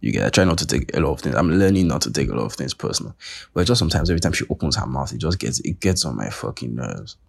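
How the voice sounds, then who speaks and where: Young nigerian guy ranting on his podcast, deep gravelly voice, lots of swearing. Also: animated, very fast. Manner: profane, ranting, sarcastic. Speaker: podcast host. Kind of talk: casual monologue.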